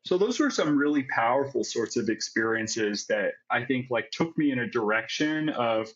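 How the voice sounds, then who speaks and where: A man's voice: medium pitch, expressive, normal speed, a bit bright, dull audio. A man telling his own story as an interview guest, candid and reflective, often adding "like" and "right?". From United States. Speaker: guest, psychiatric pharmacist.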